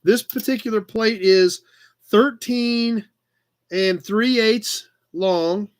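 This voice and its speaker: A man's voice: sits high, slow pace. A man hosting a casual livestream auction, chatty and upbeat as he calls out bids. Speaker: live auction host.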